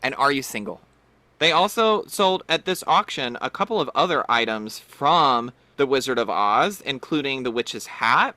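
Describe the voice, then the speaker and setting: Male podcast host, playful pop-culture chatter, lively bright voice. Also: mid-range voice, normal speed, no room sound. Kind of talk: casual pop-culture chat.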